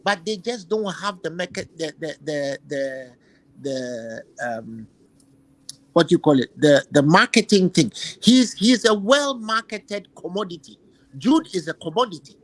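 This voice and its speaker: A man's voice: high-pitched, animated, measured pace, no echo, low-quality recording. A man hosting a football chat, giving emphatic opinions and repeating phrases while he searches for words. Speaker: football podcast host.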